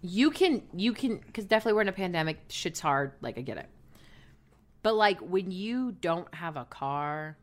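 A woman's voice: lowish voice, very animated, moderate pace. A young woman co-hosting a podcast in casual chat, candid and blunt, full of likes and playful jabs. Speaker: podcast co-host.

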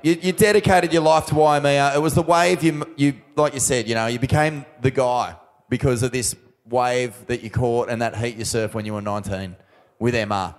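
A man's voice: medium pitch, fairly even intonation, moderate pace. A man in a mid-range voice hosts a live interview. He talks casually and steers the guest with leading questions. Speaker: host. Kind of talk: interviewing before a live audience.

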